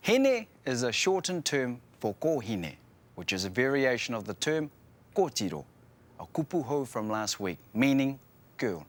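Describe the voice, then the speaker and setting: Animated, playful New Zealand man presenting. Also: medium pitch, unhurried. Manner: playful, joking. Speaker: language show co-host. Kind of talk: lively language lesson presenting.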